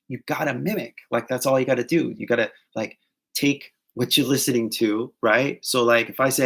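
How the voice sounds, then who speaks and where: A man with an American accent speaks in a relaxed vlog style, chatty and loose, padding his talk with fillers. His mid-range voice carries a gravelly, creaky edge. He moves freely between English and Japanese like a teacher giving advice. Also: medium pitch, moderate pace. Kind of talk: casual talking-head advice vlog.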